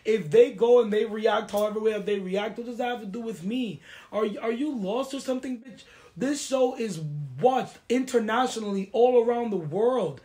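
A young woman from the East Coast hosts a casual chat show. She argues in a heated, confrontational way, firing off questions and dropping into Spanish now and then. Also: on the high side. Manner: confrontational, animated, mixes in Spanish phrases. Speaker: podcast host.

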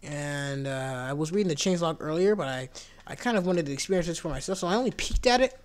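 A gaming channel host gives casual, fast gameplay commentary, excitable and jumping into squeaky outbursts of surprise before dropping to whispered asides. When his voice goes high, it cracks.

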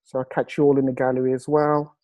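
A man hosting a video call, enthusiastic and salesy, slowing down to stress his points. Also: mid-range voice, level tone, dark tone, no echo, low-quality recording. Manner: enthusiastic, salesy, slows down for emphasis. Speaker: host.

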